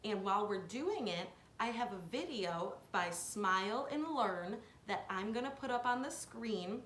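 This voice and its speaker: A woman's voice: medium pitch, animated, unhurried, fairly bright tone, slight background noise. Woman teaching kids in an echoey room. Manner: clear, patient step-by-step explaining. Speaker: science teacher. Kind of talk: kids' science lesson.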